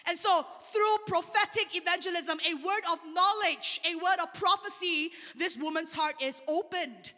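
A woman preaching a sermon, telling a testimony in an animated way. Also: very high voice, moderate pace, few pauses. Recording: long hall reverb.

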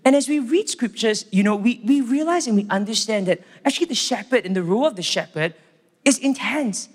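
A Singaporean man with a Singaporean English accent giving a church sermon. He opens with a prayer and then tells animated stories. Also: very high voice, a little fast. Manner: animated storytelling, acts out quotes. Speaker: church staff preacher. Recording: long hall reverb.

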